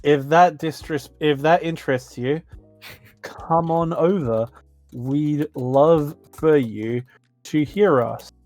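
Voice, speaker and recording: A man's voice: a little high, slow, darkish tone, no room sound, faint music behind. A man hosting a casual podcast, joking around and laughing, and dragging out mock announcements. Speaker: podcast host.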